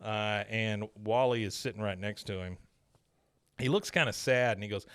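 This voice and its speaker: A man hosting a podcast, casually recapping an episode as an animated, rambling storyteller full of filler words. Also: fairly low pitch, moderate pace, clean tone, no room sound. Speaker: podcast host.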